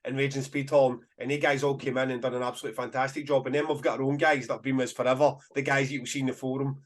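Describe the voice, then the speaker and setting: A Scottish festival promoter tells stories at a racing clip in a casual podcast chat, his medium-pitched voice animated and broken up by bursts of laughter.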